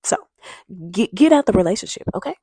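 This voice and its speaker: A woman's voice: medium pitch, lively intonation, fairly quick, dark tone, breathy edge, no echo. A woman talking straight to her viewers in a chatty, emphatic way, urging them to act and telling stories along the way. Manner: chatty storytelling, addresses viewers as y'all. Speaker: vlogger. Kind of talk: casual advice talk to camera.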